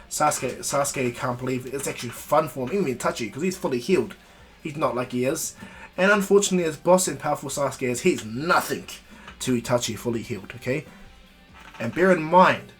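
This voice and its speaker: A man casually telling an improvised fan story, rambling, restarting often and adding asides. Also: medium pitch.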